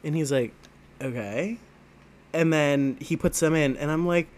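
A man's voice: fairly high pitch, moderate pace, darkish tone. A man co-hosting a casual podcast chat, telling rambling stories full of fillers and laughter. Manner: rambling, laughing storyteller, heavy on filler words. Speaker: podcast co-host.

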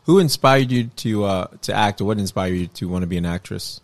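A man from New York hosting a casual interview, easygoing and quick to laugh. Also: lowish voice. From Brooklyn, New York. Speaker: host.

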